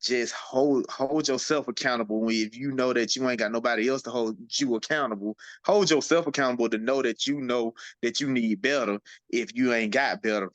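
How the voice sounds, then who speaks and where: A man's voice: medium pitch, fairly quick, hardly any pauses, fairly bright tone, no room sound. A man co-hosting a casual podcast, laid-back and earnest, often saying "you know what I'm saying". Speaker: podcast co-host.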